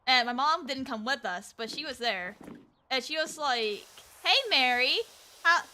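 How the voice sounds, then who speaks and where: A woman with a high, bright voice chats casually on a stream while she plays. She tells a rambling story full of fillers and restarts. She voices the people she quotes along the way. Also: lively intonation, moderate pace, slight background noise. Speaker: VTuber streamer.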